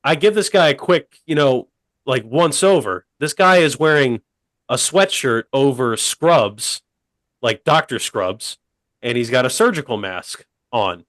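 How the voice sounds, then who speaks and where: A man telling a funny story on a podcast in a deadpan, rambling way, full of fillers. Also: mid-range voice, measured pace, dry recording. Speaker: podcast co-host. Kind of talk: casual comedic storytelling.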